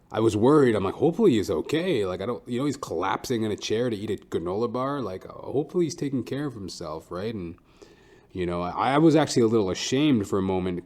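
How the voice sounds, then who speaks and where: A man's voice: on the low side, a little mellow. A man hosting a podcast, telling a comic story in a crude, profane, rambling way. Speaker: podcast host.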